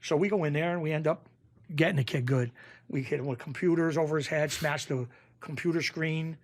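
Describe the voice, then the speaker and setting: A middle-aged man with a Western Massachusetts accent tells stories in a casual interview. He often acts out other people's lines in a raised voice. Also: a little fast. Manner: animated, acts out quoted voices in a raised pitch. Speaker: interview guest, former bookmaker.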